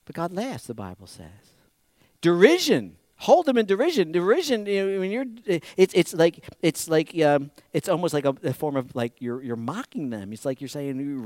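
A man's voice: high-pitched, very animated, moderate pace, dry recording, studio quality. A middle-aged man preaching a sermon, acting out quotes with big swings in volume. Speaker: pastor.

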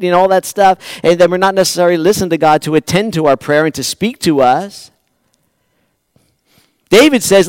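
Animated preaching man, dry close sound. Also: high-pitched, brisk, pauses often, smooth, dry recording. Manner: animated preaching, swinging from loud pleading to hushed asides. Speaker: pastor. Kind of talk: sermon.

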